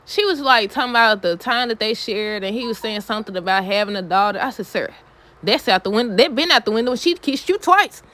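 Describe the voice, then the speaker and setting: A woman recapping a soap episode for viewers in a chatty, animated way, often laughing and quoting characters. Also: fairly high pitch, fast talker. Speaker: soap opera reviewer. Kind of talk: casual recap talk to viewers.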